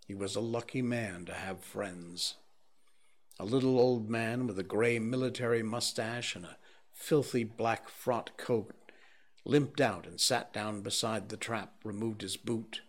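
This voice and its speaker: A man reading a novel aloud as an audiobook narrator, in a slow, measured and grave way. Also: on the low side. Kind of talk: scripted narration.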